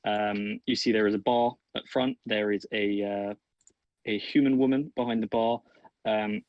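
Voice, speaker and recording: A man with a lowish, steady voice narrates a tabletop game as game master at an unhurried pace, casual, rambling and full of fillers. The sound is lo-fi with no echo.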